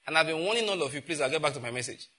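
A middle-aged Nigerian pastor preaches with a husky, bright, forceful voice that sits a little high for a man. He tells his stories with animated energy, acting out both sides of each conversation. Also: rapid-fire. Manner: animated storytelling, acts out exchanges with rising pitch and laughter. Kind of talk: sermon.

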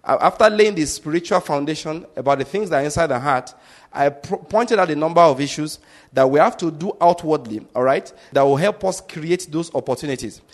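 A man's voice: a little high, expressive, a little fast. Emphatic preaching man. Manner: emphatic, repetitive teacher explaining step by step. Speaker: pastor. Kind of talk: sermon teaching.

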